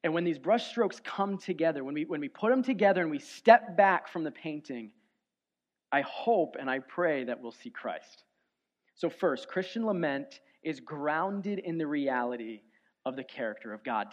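A man preaching a sermon as pastor, earnest, moving from soft, low passages to loud, emphatic ones. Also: expressive, moderate pace. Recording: dull lo-fi sound.

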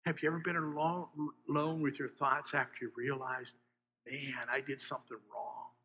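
A man preaching a sermon, asking his listeners questions and swinging between loud emphasis and hushed asides. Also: medium pitch, level tone, normal speed, dull audio, slight background noise. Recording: long hall reverb.

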